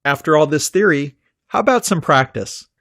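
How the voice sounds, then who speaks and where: A man teaching an English pronunciation lesson from a script, with a careful, clearly articulated delivery. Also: fairly high pitch, animated, moderate pace, fairly bright tone, no echo, studio quality.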